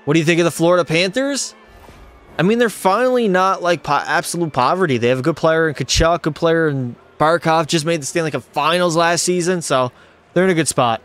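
Streamer type, young guy, slightly high smooth voice, excitable play-by-play, jokey with chat. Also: fairly quick, soft background music. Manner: hyped play-by-play, jokey, answers chat questions. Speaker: gaming streamer. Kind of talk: live gameplay commentary with chat.

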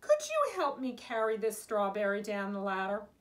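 A woman's voice: medium pitch, wildly swooping pitch, normal speed. Woman doing a grumbling grown mouse. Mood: calling. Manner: grumbling, weary. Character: hardworking grumbling grown male mouse gardener.

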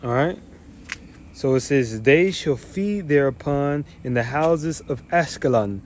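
A man's voice: medium pitch, animated, a little slow, slight background noise. A man teaching the Bible verse by verse, reading passages then ranting in a profane, scornful, emphatic way. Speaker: scripture teacher.

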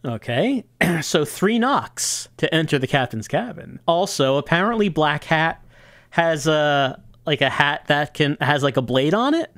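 Male streamer, casual game commentary, thinking aloud, lively pitch. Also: unhurried, dry recording. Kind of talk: casual let's-play commentary.

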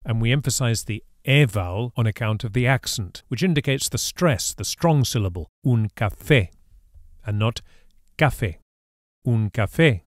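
A man's voice: medium pitch, animated, fairly quick, few pauses, no room sound, clean studio sound. A man teaching Spanish in a scripted lesson, explaining patiently and saying each example word carefully. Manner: careful, patient explanation with clear model pronunciations. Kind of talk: scripted language lesson narration.

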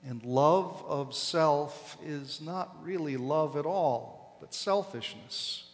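A man preaching a sermon as pastor, slow and deliberate, leaning hard on key words. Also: on the high side. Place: large church sanctuary. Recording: long echo of a church hall.

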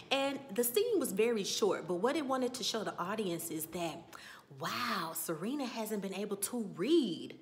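A woman with an expressive, mid-range voice speaks at a moderate pace over slight background noise. As a TV recap vlogger, she casually recaps and reviews an episode like a story, acting out characters' lines with exclamations.

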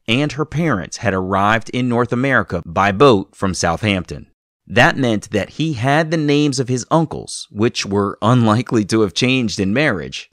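A man hosting a podcast, narrating a guest's story in measured scripted passages between clips. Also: on the low side, a bit bright, no room sound, clean studio sound. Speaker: podcast host.

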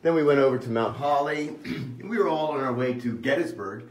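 Brisk and lively in his intonation, a mid-range male voice carries this casual walk-and-talk vlog. He's a pastor from small-town Pennsylvania, USA, filming with a handheld camera as he goes from the church grounds into a sanctuary. He jokes a lot and makes fun of himself.

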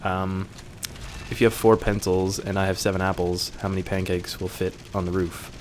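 A man's voice: low voice, little pitch movement, normal speed, slight background noise. A young man reading viewer questions aloud and answering them in a casual, joking way, swearing now and then.

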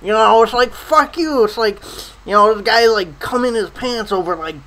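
A man's voice: high-pitched, normal speed, sharp tone, poor audio. A man in a profane comedic rant, swearing constantly and stammering over his words. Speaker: comedy ranter.

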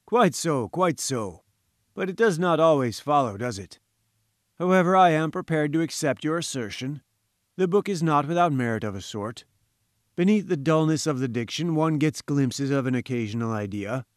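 A man's voice: on the high side, expressive, moderate pace, dry recording, clean studio sound, close to an everyday voice. A man playing a pompous lecturing professor. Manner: patronizing, lecturing, grandiose. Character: pompous, condescending male professor-scientist. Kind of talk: audiobook character voice.

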